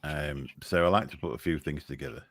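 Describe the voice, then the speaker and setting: Male guest, extremely deep voice, rambling sarcastic chat. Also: fairly quick, a bit bright, slight background noise. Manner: rambling, self-deprecating, sarcastic. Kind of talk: casual chat.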